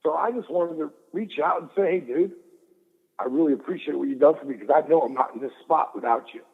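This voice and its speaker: Man, middle-aged, interview guest, animated storyteller, swears, tinny phone line. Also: a little high, a little fast, vocal fry, slightly rough, in a large hall.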